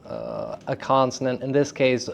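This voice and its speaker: A man runs a live drama workshop for high school students, chatty and self-deprecating, frequently turning questions to the class. His voice is creaky, his tone steady, and his pace measured.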